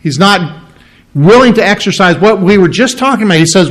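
Earnest, slightly high-voiced male preacher. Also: lively intonation, fairly quick, a bit bright. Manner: earnest, repeats and restarts words while explaining scripture. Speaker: pastor. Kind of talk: sermon.

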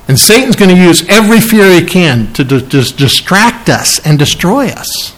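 A man delivers a sermon from the pulpit in a somewhat high-pitched voice. He is emphatic and repeats phrases for weight. At tender moments he drops to a soft hush. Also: very animated, unhurried, a little hiss or hum, poor audio. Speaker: pastor.

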